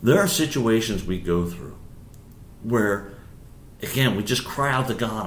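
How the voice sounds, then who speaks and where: Conversational preacher in an echoey room. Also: male voice, mid-range voice, big pitch swings, moderate pace, a little hiss or hum. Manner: conversational, rising to emphatic bursts, frequent restarts. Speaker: pastor. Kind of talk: sermon.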